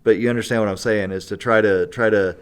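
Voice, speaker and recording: Chatty storytelling man, smooth low voice. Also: steady tone, fast talker. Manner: chatty, laughing, keeps asking "right?". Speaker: guest storyteller. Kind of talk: casual storytelling in conversation.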